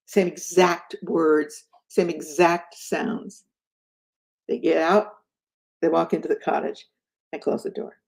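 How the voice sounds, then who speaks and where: Woman, guest, storytelling, animated, plays the voices in her story. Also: fairly low pitch, slow, gravelly, long pauses. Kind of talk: telling a personal story in conversation.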